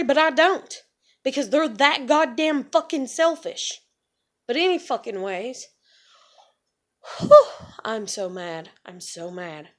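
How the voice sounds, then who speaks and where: High-voiced woman ranting angrily. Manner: angry, profane ranting with sighs. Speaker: vlogger. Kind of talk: venting monologue to camera.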